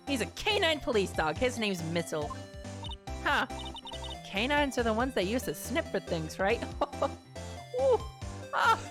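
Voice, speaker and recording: A playful young woman streamer talking through a game in a slow, unhurried way. Her voice leaps around a lot and sits a bit high, and game music plays steadily underneath. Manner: animated, playful, reads dialogue aloud. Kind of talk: casual playthrough commentary.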